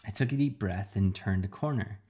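A man narrating a first-person storybook in a steady, quiet way. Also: on the low side, brisk.

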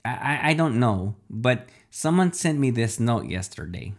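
A man's voice: medium pitch, big pitch swings, measured pace. A man voicing a nervous, stammering middle-aged scientist father in a storybook reading. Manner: stuttering, hesitant and nervous.

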